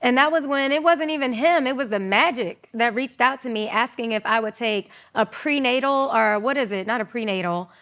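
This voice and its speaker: A woman in her thirties telling her own story as an interview guest, animated, acting out quotes in raised voices. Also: a little high, normal speed, few pauses.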